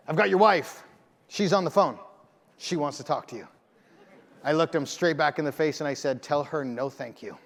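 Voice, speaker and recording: A man giving a motivational keynote, telling a story with emphasis and acting out the lines of the people in it. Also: on the high side. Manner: emphatic, acts out dialogue in the story. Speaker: keynote speaker. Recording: long hall reverb.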